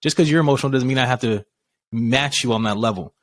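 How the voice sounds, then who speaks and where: A man's voice: medium pitch, fast. A man talking casually on a podcast, laid-back and blunt. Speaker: podcast co-host.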